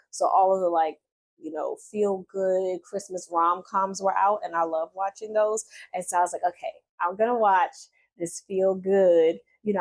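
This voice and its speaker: Woman vlogger, 30s, mid-pitched, chatty personal storytelling, loose and candid. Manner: candid and chatty, with frequent fillers and soft laughs.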